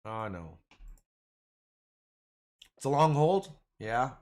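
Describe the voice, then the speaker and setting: A man chatting casually through a trading livestream, rambling and excitable, calling his viewers "boys" and "man". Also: mid-range voice, very slow. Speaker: stock trading streamer. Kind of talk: casual livestream chat over charts.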